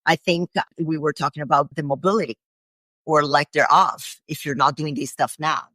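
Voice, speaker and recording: Low-voiced woman podcast host. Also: fairly even intonation, normal speed, a bit bright, no echo. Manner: earnest, candid, occasional swearing. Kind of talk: conversational interview.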